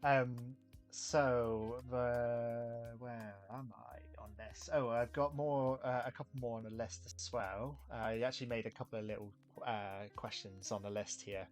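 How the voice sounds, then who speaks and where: A man's voice: mid-range voice, fairly even intonation, measured pace, soft background music. A man from England, hosting a casual chat and rambling with lots of fillers. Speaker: podcast host.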